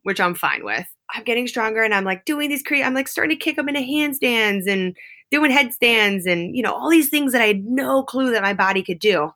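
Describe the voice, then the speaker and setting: A woman in her thirties, a guest telling a lively, dramatic story in casual conversation and acting out the quotes. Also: a little high, brisk.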